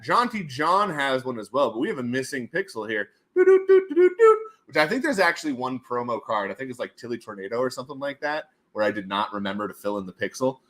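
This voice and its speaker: A man hosting a casual livestream, thinking aloud as he works on screen and breaking into goofy shouted voices. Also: a little high. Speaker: livestream host.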